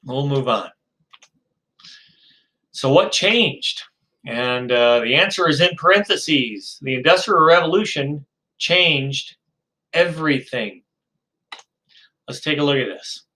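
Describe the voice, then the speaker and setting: A male professor giving a recorded lecture and telling a story. He speaks slowly and hesitantly, with many fillers, in a bright, slightly high voice. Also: lively intonation, poor audio.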